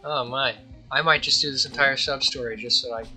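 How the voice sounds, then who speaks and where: A man's voice: medium pitch, steady tone, fairly quick, sharp tone, faint music behind, poor audio. A man giving casual, jokey commentary on a video game, laughing often and reading the characters' lines aloud in playful voices. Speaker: let's player.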